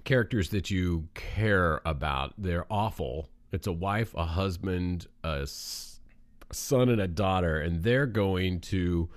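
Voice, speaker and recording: Very deep-voiced man in animated chat. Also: slow, no room sound. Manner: animated, jumps high in pitch when arguing. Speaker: movie podcast co-host. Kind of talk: casual chat.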